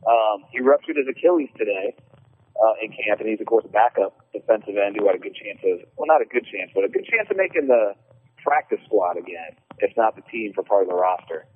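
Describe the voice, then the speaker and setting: A man's voice: lowish voice, animated, brisk, a little hiss or hum. A man hosting a casual sports talk show, rambling with hesitant ums. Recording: phone-like line.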